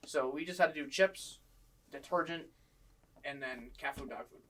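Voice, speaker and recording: A man telling funny stories from his old job in casual chat, animated and swearing freely. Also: a little high, moderate pace, distant mic, slight background noise. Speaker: guest storyteller.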